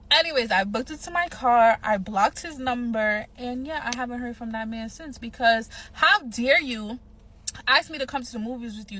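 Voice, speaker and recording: A woman's voice: on the high side, bright, forceful tone, slight background noise. Blunt, sassy woman telling a story. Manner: blunt, sassy, swears freely. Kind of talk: casual storytelling.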